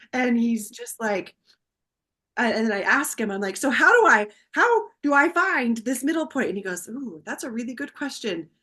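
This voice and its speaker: A woman guest on a podcast, telling a personal story in a heartfelt, animated way. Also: a little high.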